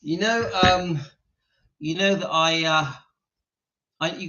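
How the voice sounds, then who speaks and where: Laughing often and stopping to talk to his dog, a man hosts a casual live stream from his home. His voice sits a little high and moves a little slowly, with long pauses and a sharp tone, and he giggles his way through remarks. The indoor recording has a dull, lo-fi sound.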